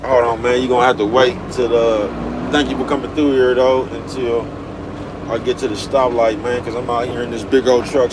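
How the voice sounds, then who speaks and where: A man driving a big truck, rambling and preaching in slangy, casual talk to his viewers. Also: mid-range voice. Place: cab of a big truck on the road. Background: faint traffic noise.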